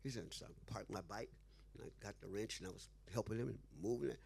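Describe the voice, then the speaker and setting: A man's voice: on the low side, fast talker, vocal fry, darkish tone, slightly rough. A man being interviewed who tells a story with animation, acting out the dialogue and laughing often. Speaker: interview guest.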